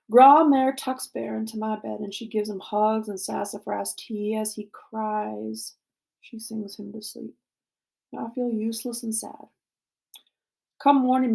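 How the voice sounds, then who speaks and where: A woman reading a novel aloud to a class, expressive and dramatic, sometimes dropping to a hushed voice. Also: fairly high pitch, creaky. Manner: expressive, dramatic, drops to a hushed voice for tense moments.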